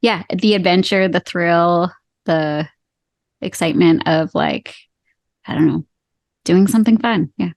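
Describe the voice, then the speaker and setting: A woman's voice: lowish voice, a little slow, vocal fry, long pauses, darkish tone, no echo. A woman in her thirties from Canada hosting a casual podcast interview, chatty and encouraging, laughing easily. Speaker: podcast host.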